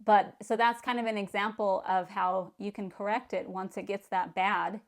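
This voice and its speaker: A middle-aged woman and grandmother calmly telling a parenting story to camera, frank and plain-spoken, often repeating words as she starts a sentence. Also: medium pitch, normal speed. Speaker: parenting vlogger.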